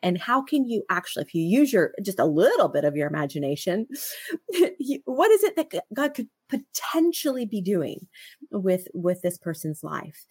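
A woman's voice: medium pitch, big pitch swings, normal speed, a little mellow, slightly rough, no echo. A middle-aged woman co-hosting a podcast, talking earnestly in a reflective way with frequent restarts and stammers and easy laughter. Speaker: podcast co-host. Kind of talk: reflective conversational talk.

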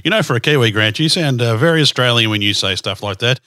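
A man's voice: medium pitch, expressive, quick pace, sharp tone, dry recording, clean studio sound. A man hosting a casual podcast who teases his co-host with wry, cynical banter.

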